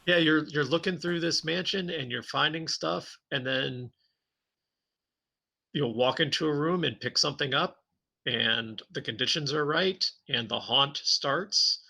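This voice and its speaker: A man co-hosting a podcast, chatting casually about tabletop games and telling lively stories with frequent laughs. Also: fairly high pitch, measured pace, gravelly, slightly rough. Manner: animated storytelling, laughs often. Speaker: podcast co-host.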